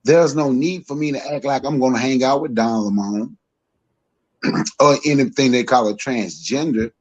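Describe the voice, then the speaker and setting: A man, co-hosting a podcast and giving his opinions emphatically, repeating himself and climbing higher as he gets worked up. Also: normal speed, darkish tone, dull audio. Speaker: podcast co-host. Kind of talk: heated opinion talk.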